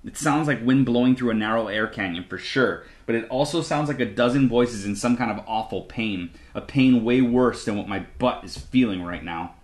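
A man reading an audiobook aloud in an expressive, animated manner. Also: mid-range voice, moderate pace, hardly any pauses. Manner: animated, lively intonation. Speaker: audiobook narrator. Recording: roomy echo.

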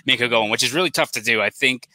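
A man's voice: medium pitch, racing, pushed and bright, no room sound, low-quality recording. A young man from South Boston with a Boston accent, a sports reporter chatting casually as a podcast guest, rambling with lots of "like" fillers. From South Boston, USA.

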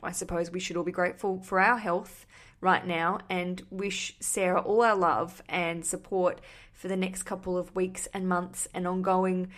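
A woman's voice: lowish voice, flat delivery, moderate pace. A woman hosting a casual podcast, replying to listener voice messages in a chatty, ranty, self-mocking way with casual swearing. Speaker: podcast host.

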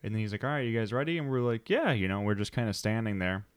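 Low-voiced man telling casual stories. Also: expressive, quick pace, clean tone, no room sound, studio quality. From United States. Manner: rambling storyteller, acts out quotes. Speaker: podcast co-host. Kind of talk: casual chat.

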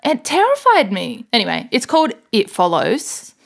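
A woman's voice: on the high side, wildly swooping pitch, moderate pace, creaky. A woman co-hosting a podcast, chatting casually and rambling through a story with frequent laughs. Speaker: podcast co-host. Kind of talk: casual chat.

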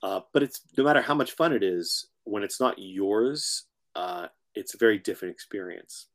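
A man as an author guest in a casual interview, telling stories in a relaxed way. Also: lowish voice, moderate pace. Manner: relaxed, storytelling.

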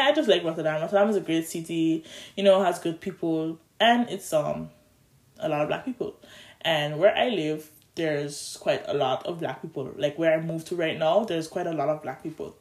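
A young adult vlogger, speaking at a middle pitch. The delivery is an animated, colloquial storytime ramble that restarts and stumbles over words. It is recorded on a phone in a roomy space with a noticeable echo. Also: moderate pace. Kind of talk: casual storytime monologue.

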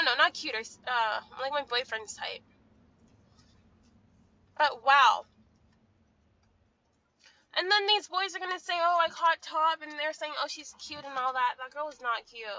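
A woman's voice: very high voice, bright, forceful tone, no room sound, muffled recording. A young woman in a casual venting monologue, profane and ranting, full of "like". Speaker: vlogger.

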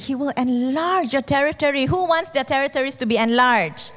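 A woman preaching a sermon, telling stories and acting out the characters with lively shifts of voice. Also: a little fast, few pauses. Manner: animated storytelling, acts out characters with shifting pitch. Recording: long hall reverb.

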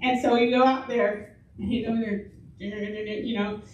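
A middle-aged woman speaking at church laughs often as she tells stories in a chatty sermon. Her mid-range, slightly mellow voice stays fairly flat in pitch at a measured pace. The distant-mic recording of the echoey hall has its highs cut off and slight background noise.

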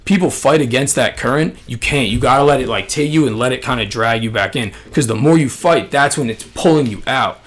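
A young man telling a story in casual chat, slangy and profane, full of fillers and animated. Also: medium pitch, a little fast, few pauses.

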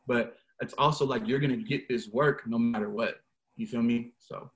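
A young man, a guest on a podcast, talking in a relaxed, slangy and emphatic way. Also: mid-range voice, moderate pace. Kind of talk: casual conversation.

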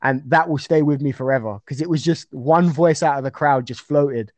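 A man's voice: a little high, normal speed, darkish tone, no room sound. A young man talking casually as an interview guest about his fights, rambling with fillers and restarts.

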